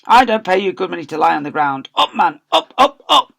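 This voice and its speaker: A man's voice: sits high, sing-song, a little fast, vocal fry, sharp tone, voice pushed up, exaggerated voice. A man voicing a stern, commanding headmistress in a storybook reading aloud. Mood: bossy stern. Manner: commanding, barking orders. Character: stern bossy headmistress, older woman.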